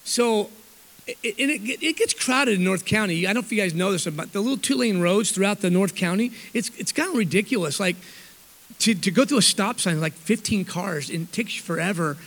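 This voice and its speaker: A man's voice: high voice, lively intonation, a little fast, a bit bright. A man telling a rambling, self-mocking story to a church audience, often correcting himself mid-sentence. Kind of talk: storytelling talk. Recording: long hall reverb.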